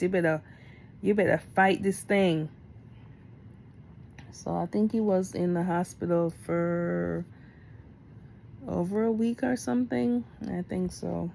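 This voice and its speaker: A middle-aged woman talking candidly in a storytime vlog, getting animated as she retells events. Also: lowish voice, slight background noise. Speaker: vlogger.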